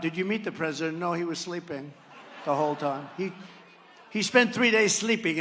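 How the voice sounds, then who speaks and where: An older man telling a rambling, boastful story as a rally speech, swinging from quiet asides to loud punchlines. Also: a little high, vocal fry. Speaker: political speaker at a rally. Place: large rally venue.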